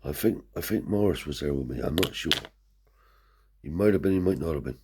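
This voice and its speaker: A deep, husky man spins a long, rambling yarn full of swearing. His voice is low and warm, and it jumps higher whenever he acts out what someone else said. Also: animated, a little fast. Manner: rambling, profane, lifts his voice to act out quoted people. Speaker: storyteller. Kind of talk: casual anecdote telling.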